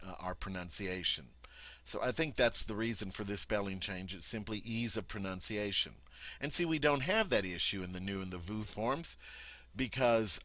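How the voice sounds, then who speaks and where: A man's voice: lowish voice, bright, forceful tone, dry recording. A man, a teacher, patiently explaining a French grammar point in a methodical classroom style. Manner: patient, methodical, with many ums and rhetorical checks.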